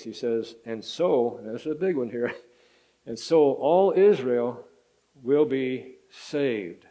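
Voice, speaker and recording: An older man preaching a sermon in a folksy, halting way, with many fillers and restarts. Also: mid-range voice, darkish tone, rough recording. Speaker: pastor.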